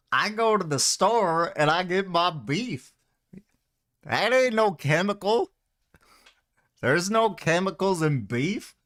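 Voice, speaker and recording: A man's voice: high voice, animated, takes it slowly, long pauses, a bit bright, pitched above the performer's own voice, heavily acted. A man voicing a brash, mocking anti-vegan character in a joking role-play on a voice call. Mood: indignant. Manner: mocking, exaggerated drawl.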